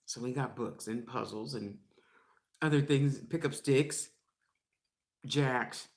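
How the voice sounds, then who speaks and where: A woman's voice: extremely low pitch, takes it slowly, a little mellow. An older woman chatting frankly into her vlog while she eats, laughing often. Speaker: vlogger. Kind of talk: casual chat while eating.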